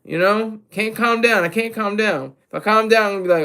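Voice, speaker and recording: A man with a high-pitched voice hosts a casual livestream. He rambles with a lot of energy, restarts his sentences and keeps breaking off to talk to the chat. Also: a little fast, few pauses, pushed and bright, clear, resonant tone. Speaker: livestream host.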